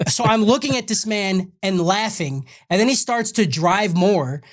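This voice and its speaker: A man's voice: high-pitched, measured pace. A man hosting a casual podcast, reading listener comments and telling stories with lots of swearing and laughter. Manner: profane, laughing storyteller.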